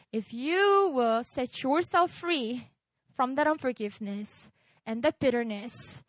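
A woman preaching at a retreat, lively and animated, checking in with the crowd with quick asides and acting out little scenes. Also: on the high side, no room sound, clean studio sound. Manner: acts out voices in her illustrations. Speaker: retreat speaker. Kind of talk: sermon.

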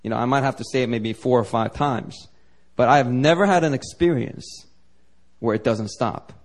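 A man's voice: mid-range voice, moderate pace. A man preaching as a pastor at a church service, telling a story loosely, with lots of "like" and "you know". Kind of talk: sermon storytelling.

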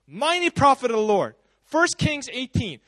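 High-voiced man preaching casually. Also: moderate pace, no echo. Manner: casual, animated storytelling with frequent asides. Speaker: pastor. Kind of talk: sermon. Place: church service.

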